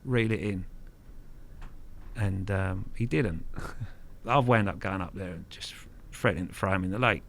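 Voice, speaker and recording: A middle-aged man recounts stories in a casual interview. He is frank and earthy, swears without fuss, and often restarts his sentences. His voice sits slightly low. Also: moderate pace, vocal fry, a bit bright, a little hiss or hum. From Kent, England. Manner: frank, earthy, swears freely, repeats words. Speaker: guest angler.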